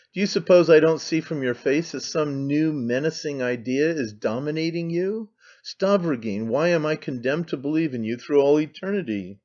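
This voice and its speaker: A man's voice: on the high side, a little mellow, voice pushed up, natural voice. A man reading an audiobook voices a frantic, impassioned man who pleads and accuses with intensity. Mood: fervent. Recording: slightly dull lo-fi sound.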